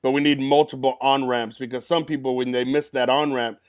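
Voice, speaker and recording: A man's voice: medium pitch, fairly even intonation, brisk. A man hosting a casual conversation, affirming his guest and thinking aloud in images. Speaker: host.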